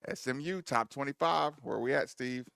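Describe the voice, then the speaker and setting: A man's voice: medium pitch, vocal fry, a bit bright, clean tone, no room sound. A man co-hosting sports radio, playful and affectionate, joking and reading live ads into a studio microphone. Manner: playful and affectionate, quick to joke and laugh. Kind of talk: casual sports radio talk and live ad read.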